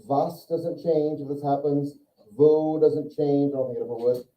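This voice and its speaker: Speaking at a normal speed with fairly even intonation, a man with a warm, somewhat high voice gives a relaxed lecture and turns questions to his class. The recording is distant and muffled, with echo from the room.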